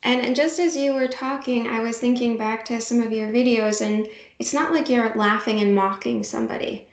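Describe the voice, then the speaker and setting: A woman's voice: on the high side, fairly even intonation, normal speed. A woman hosting an interview podcast, attentive and affirming as she responds. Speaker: podcast host. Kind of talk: casual interview chat. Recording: dull, roomy remote recording.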